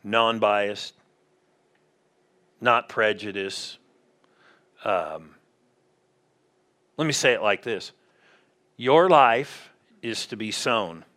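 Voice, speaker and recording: A man's voice: lowish voice, extremely slow, long pauses, pushed and bright. A man preaching a conversational sermon in a church, often asking the congregation questions. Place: church sanctuary.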